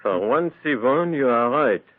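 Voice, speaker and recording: An actor playing a calm French male thief with a French accent, speaking slowly and smoothly, from an old radio broadcast. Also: medium pitch, narrow, tinny audio, very noisy, natural voice.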